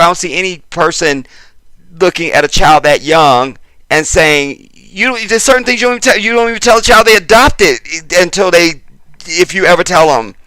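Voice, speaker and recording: A man's voice: a little high, pushed and bright, smooth, no echo. A man hosting a casual commentary video, talking straight to his viewers and getting worked up as he repeats himself. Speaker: channel host.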